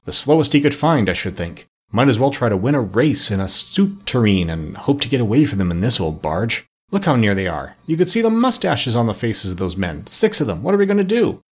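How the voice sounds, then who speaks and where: A man with a husky voice voicing a gloomy male pig who complains with a swooping voice, in a storybook reading. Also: medium pitch, sing-song, fairly quick, hardly any pauses. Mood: grumbling.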